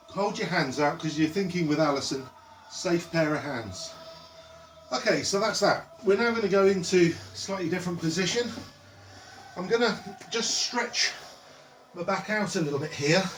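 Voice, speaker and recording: A man's voice: high voice, slight background noise. A man leading a home stretching tutorial in a playful way, naming each exercise after a football player. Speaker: exercise instructor. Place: indoors at home. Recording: echoey room, mic at a distance.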